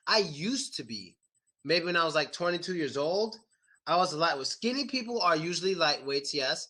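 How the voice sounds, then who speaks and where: A bright, forceful man teaching English slang through a rambling anecdote. He curses freely and circles back to repeat his key words. His voice sits a little high for a man. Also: expressive, moderate pace. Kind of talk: casual vocabulary lesson told through a story.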